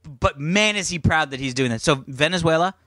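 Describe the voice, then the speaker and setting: A man co-hosting a podcast, telling an animated story with swearing and playful acted quotes. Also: a little high, a little fast, no echo, studio quality. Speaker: podcast co-host. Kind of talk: casual chat.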